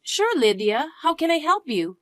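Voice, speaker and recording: A woman voicing a polite, patient young wife who speaks softly and apologetically. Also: high voice, very animated, moderate pace, dry recording, studio quality. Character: polite, patient young wife, a put-upon daughter-in-law. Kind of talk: dramatized story dialogue.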